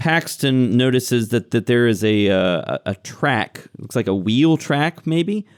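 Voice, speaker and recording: A man acting as game master, describing scenes and calling turns in an unhurried, descriptive way. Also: medium pitch, expressive, no room sound, clean studio sound. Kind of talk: narrating a tabletop game.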